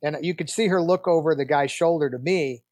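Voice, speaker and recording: A film producer in his sixties, guesting on a casual interview, tells chatty, animated anecdotes with frequent restarts. His voice is fairly high and brisk, and the recording is dry.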